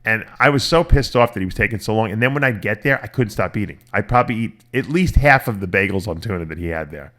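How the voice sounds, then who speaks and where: A middle-aged man hosting a casual podcast chat, telling lively stories, cursing and acting out the voices of people he quotes. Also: on the low side, fast talker, few pauses. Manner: animated storytelling, swearing, acting out quoted voices. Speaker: podcast host.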